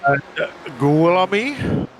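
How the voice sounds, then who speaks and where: A man's voice: sits high, very animated, slow, a little hiss or hum. A man doing live sim race commentary, observant and reporting what he spots on track. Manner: observant, spotting and reporting cars.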